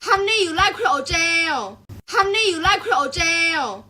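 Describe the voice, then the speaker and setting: A woman's voice: very high voice, lively intonation, measured pace, pushed and bright, slight background noise, exaggerated voice. A woman playing a pushy, chatty female nail salon worker who speaks broken English and keeps calling the customer honey. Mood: insistent. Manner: broken English, calls everyone honey, upselling.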